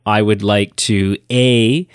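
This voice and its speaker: A man's voice: fairly low pitch, takes it slowly, smooth, no echo, studio quality. A man co-hosting a podcast, talking enthusiastically and emphatically in a casual review chat. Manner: enthusiastic, emphatic, animated retelling. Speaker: podcast co-host.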